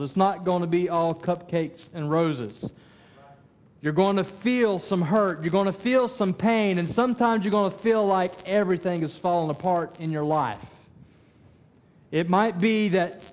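A man's voice: high voice, a little mellow. A middle-aged man preaching a sermon as pastor, conversational with frequent stammered restarts.

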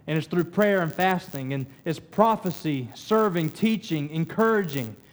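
A man's voice: fairly high pitch, expressive, normal speed. A middle-aged man preaching a sermon as pastor, conversational with frequent stammered restarts.

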